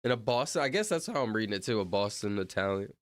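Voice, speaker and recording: A man's voice: on the low side, expressive, fast, no echo. Rambling slangy young guy streaming. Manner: rambling, slangy, says "bro" a lot. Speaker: streamer counting out loud. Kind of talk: casual livestream chat.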